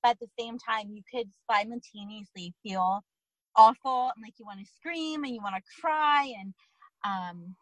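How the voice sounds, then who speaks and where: A woman in her thirties chatting earnestly as a co-host, reflective and quick to laugh. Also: a little high, no room sound, rough recording. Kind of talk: casual chat.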